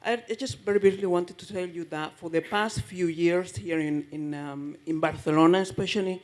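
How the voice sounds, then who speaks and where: Spanish woman in the audience, nervous, halting, slightly off-mic. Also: fairly low pitch, fairly even intonation, darkish tone. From Spain. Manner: nervous, halting, repeats words. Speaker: audience member. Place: live event, in the audience.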